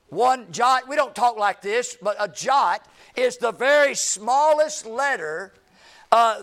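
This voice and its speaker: A preacher man with a very high voice delivers a sermon at an unhurried, drawn-out pace. He is folksy and emphatic, rising to shouts on key points and then sinking into low, trailing endings.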